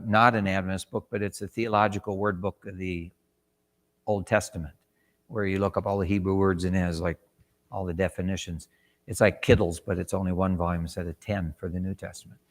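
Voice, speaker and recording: A man's voice: on the low side, a bit bright. A man teaching a church Bible class, conversational, asking the class questions and acting out short quotes. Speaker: Sabbath school teacher. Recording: long hall reverb.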